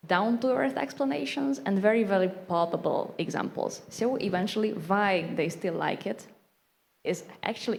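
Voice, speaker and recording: Woman from Hungary, lowish voice, steady explanatory panelist. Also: vocal fry. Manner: explanatory, steady, repeats words for emphasis. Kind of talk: panel discussion.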